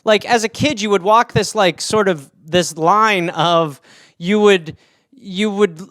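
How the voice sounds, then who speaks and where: A man's voice: slow pace, a bit bright, no room sound, studio quality. A man from Wisconsin hosting a podcast alone, riffing jokily on listener topics and slipping into silly character voices. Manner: rambling, jokey, slips into silly high-pitched character voices. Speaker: podcast host.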